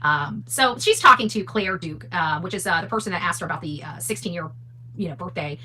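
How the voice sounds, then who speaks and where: A woman's voice: on the low side, lively intonation, brisk, breathy edge, poor audio. A woman hosting a casual livestream, reading posts aloud and answering them with heated sarcasm. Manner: heated, sarcastic, rising to near-shouting. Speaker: livestream host.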